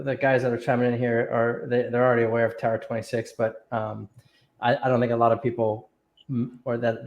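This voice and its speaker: A man's voice: mid-range voice, roomy sound, a little hiss or hum. A man hosting a casual live interview, rambling and chatty with lots of fillers. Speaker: host.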